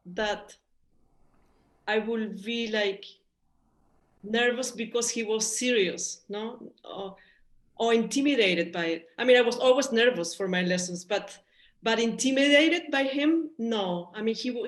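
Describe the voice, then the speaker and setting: Chilean-accented woman in an echoey room. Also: a little high. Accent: Chilean Spanish. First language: Spanish. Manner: adds "no?" to sentences, hesitant restarts. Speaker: musician guest. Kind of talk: casual conversation.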